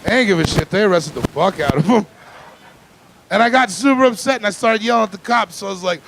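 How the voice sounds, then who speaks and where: High-voiced man doing stand-up. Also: fairly quick, background noise. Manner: deadpan storytelling that builds to loud, high-pitched rants. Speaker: stand-up comedian. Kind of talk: stand-up comedy set. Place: comedy club stage with a live audience.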